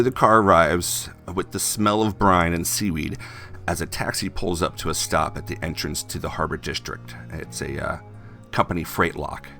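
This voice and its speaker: A man's voice: deep voice, gravelly, bright, forceful tone. A man narrating scenes as game master of a tabletop game.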